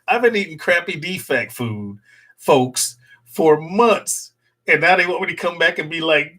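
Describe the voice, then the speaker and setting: A man's voice: fairly high pitch, lively intonation, normal speed, bright, forceful tone, slightly rough. A middle-aged man hosting a casual livestream chat from home into a desktop USB mic, rambling and joking with his viewers and laughing often. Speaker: channel host. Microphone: desktop USB microphone.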